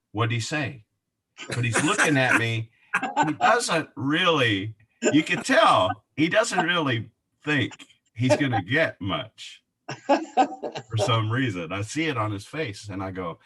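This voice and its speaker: A man telling a personal faith story in conversation, animated and laughing often, with many restarts. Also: mid-range voice, husky. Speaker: guest.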